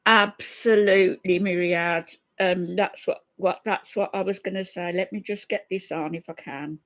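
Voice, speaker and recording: A woman's voice: lowish voice, steady tone, moderate pace. A middle-aged woman hosting a casual live stream, chatty and greeting her viewers one by one by name. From from an Irish family. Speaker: commentary channel host.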